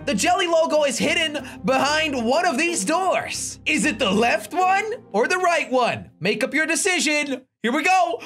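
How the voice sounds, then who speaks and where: A man's voice: very high voice, fairly bright tone. A man hosting a playful gaming video, goofy and teasing. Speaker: gaming YouTuber host.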